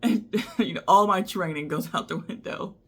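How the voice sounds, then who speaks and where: A young woman telling a personal story to the camera in a casual, animated way, often laughing. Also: medium pitch, moderate pace. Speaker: vlogger.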